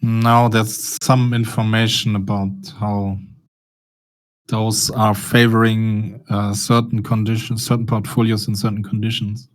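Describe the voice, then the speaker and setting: A man chatting casually as a trader, blunt and quick to laugh. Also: lowish voice, flat delivery. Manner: laughs often, blunt, swears freely. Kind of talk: casual chat.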